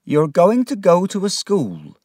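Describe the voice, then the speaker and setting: A man voicing a kind, motherly servant woman in a storybook, speaking soft and comforting. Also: high-pitched, huge pitch swings, a little slow, dry recording, clean studio sound, voice pushed up, exaggerated voice. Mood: tender. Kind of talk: storybook reading.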